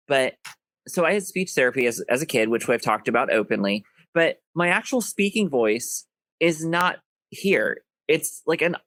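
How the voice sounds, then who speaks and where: A man with a nasal voice and a Southern US twang, talking candidly and quickly with an effeminate lilt as a podcast co-host. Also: mid-range voice, fairly bright tone, dry recording. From US, Ohio and Florida. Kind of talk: casual chat.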